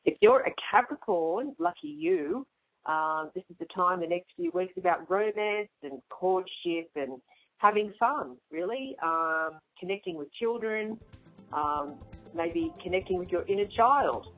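A woman's voice: on the low side, lively intonation, a little slow, faint music behind. A woman hosting a radio astrology show, talking through star signs in a chatty way with frequent ums and uhs. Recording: phone-like narrow radio sound.

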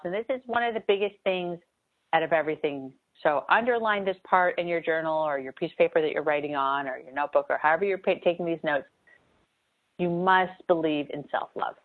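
A woman giving an earnest, emphatic motivational talk on manifesting, repeating key phrases for emphasis. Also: fairly low pitch. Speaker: spiritual coach. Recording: tinny phone-like sound.

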